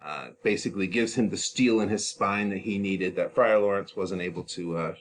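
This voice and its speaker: A man's voice: low-pitched, moderate pace, slight background noise. A man teaching a play, explaining each scene casually with chatty asides.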